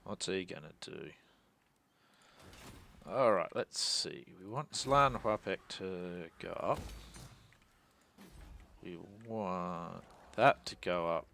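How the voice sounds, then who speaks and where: A deep-voiced man talks through his moves in a strategy game, half under his breath. He muses to himself, with a gravelly rasp on the low notes. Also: slow pace, pauses often, bright, forceful tone, slight background noise. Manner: muttering, thinking aloud, self-deprecating. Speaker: gaming channel host.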